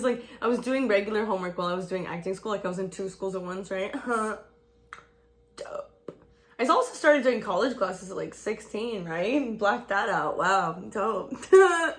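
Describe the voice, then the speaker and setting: A woman in her twenties vlogging a casual get-ready-with-me chat, rambling and swearing, saying "like" a lot and laughing often. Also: mid-range voice.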